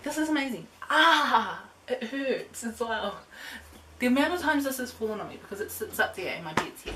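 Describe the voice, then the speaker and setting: A young woman telling a fan story in a casual bedroom vlog, excitable and gushing, with giggles and drops to a whisper. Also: a little high, slight background noise. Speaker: vlogger.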